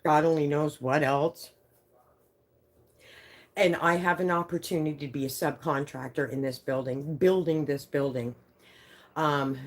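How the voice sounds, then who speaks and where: A woman in her fifties hosting a livestream, chatting with viewers in an animated way, swearing freely and reading out their comments. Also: low voice. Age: 50s. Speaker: livestream host. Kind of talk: casual livestream chat with viewers.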